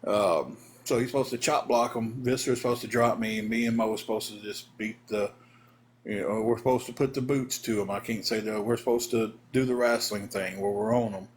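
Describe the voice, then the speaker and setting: Animated former wrestler telling stories. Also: male voice, fairly low pitch, fairly quick, a little hiss or hum. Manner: animated storyteller acting out voices. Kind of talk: casual live-stream storytelling.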